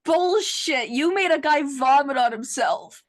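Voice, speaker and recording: A woman playing a tabletop game, animated and exasperated. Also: high-pitched, a little slow. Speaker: player. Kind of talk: casual tabletop play.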